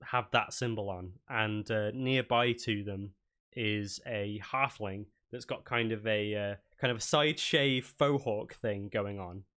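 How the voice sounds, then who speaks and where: A man's voice: on the low side, a little slow, fairly bright tone, clear, resonant tone. A man running a tabletop game as dungeon master, narrating loosely with many fillers.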